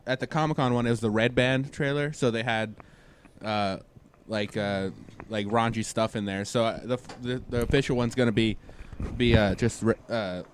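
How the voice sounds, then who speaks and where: A man's voice: medium pitch, steady tone, normal speed, a little hiss or hum. A young man co-hosting a casual podcast, rambling with many restarts and fillers. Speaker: podcast co-host.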